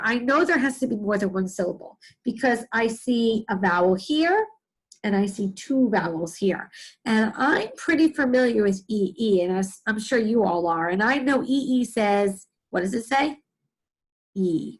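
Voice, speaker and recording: A woman teacher giving a reading lesson to young children, sounding out words slowly in chunks and asking the listener questions. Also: mid-range voice, slightly rough, rough recording. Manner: slow, sing-song, exaggerated sounding out of words; asks the listener questions and answers them.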